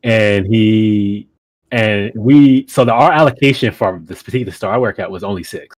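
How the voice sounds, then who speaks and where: A man's voice: on the low side, moderate pace, dry recording. A young man on a podcast, casually telling a rambling anecdote with lots of fillers and restarts. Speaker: podcast co-host. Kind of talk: casual chat.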